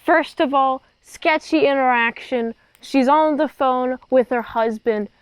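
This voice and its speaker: Woman, high voice, casual movie review, chatty, joking, rambling asides. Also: measured pace, clear, resonant tone, dry recording, rough recording. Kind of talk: casual film recap.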